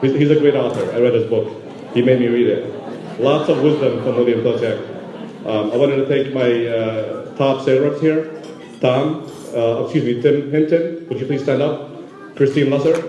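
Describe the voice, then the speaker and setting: A man from Yemen giving a halting, emotional award acceptance speech full of fillers at a gala. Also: medium pitch, a crowd in the background. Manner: halting, many fillers, moved. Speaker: award recipient. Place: large banquet hall. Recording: roomy hall, dull sound.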